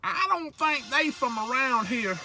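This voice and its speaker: A man's voice: extremely high pitch, animated, a little slow, vocal fry, background noise. A man from South Georgia with a Southern accent, chatting casually and joking around in a rambling vlog from his truck. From South Georgia / North Florida, USA. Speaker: truck driver vlogger. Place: truck cab.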